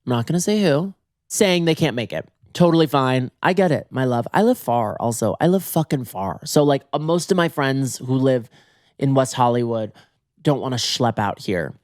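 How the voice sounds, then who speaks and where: Animated, swearing comedic host, dry sound. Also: male voice, moderate pace, no echo. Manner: animated and exaggerated, swinging pitch for quoted voices; casual, swears freely. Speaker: podcast host. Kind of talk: solo comedic storytelling.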